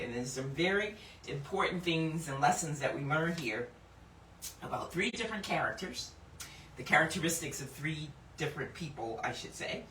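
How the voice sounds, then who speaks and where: Animated woman teaching scripture, echoey room. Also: low voice. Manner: animated, laughs often, slows down to read scripture with emphasis. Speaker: Bible teacher and host. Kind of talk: casual Bible teaching. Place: indoor room. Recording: echoey room, mic at a distance, faint background noise.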